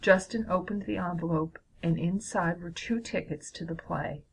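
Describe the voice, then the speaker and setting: A woman reading a children's story aloud in a steady, clear way. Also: on the low side, moderate pace, slight background noise, low-quality recording.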